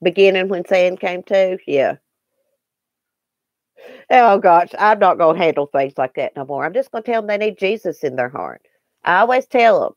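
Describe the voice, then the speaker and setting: A woman's voice: on the low side, expressive, normal speed, no echo, dull audio. A Southern woman hosting a casual livestream, chatting folksily with viewers by name and reading the chat. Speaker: YouTube livestream host.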